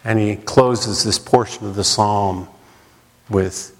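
Speaking slowly in a fairly low, steady voice, a man delivers a dramatic sermon full of rhetorical questions and lines repeated for emphasis. A large hall's long reverb surrounds him.

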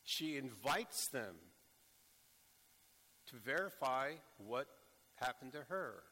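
A man preaching a sermon, speaking slowly and deliberately with bursts of urgent emphasis. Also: medium pitch, big pitch swings, pushed and bright. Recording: echoey hall with long reverb.

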